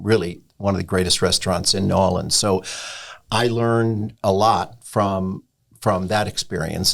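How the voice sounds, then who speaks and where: A middle-aged man from Sarasota speaks as a guest on a podcast, unhurried and easygoing as he recounts his career. His voice sits fairly low, and he pauses often with ums between thoughts. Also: creaky. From Sarasota, Florida. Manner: relaxed storyteller, many ums. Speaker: restaurant owner, podcast guest. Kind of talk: casual interview chat.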